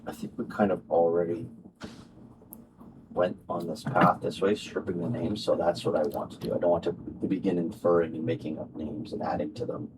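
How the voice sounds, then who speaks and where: A man talks plainly on a video call, his voice very deep. Clear noise hangs under the line the whole time. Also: little pitch movement, normal speed. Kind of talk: casual chat on a call.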